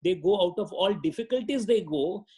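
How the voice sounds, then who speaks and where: High-voiced man giving a spiritual lecture. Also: animated, dark tone. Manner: slow, deliberate explanation with Sanskrit terms. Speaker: yoga sutra teacher.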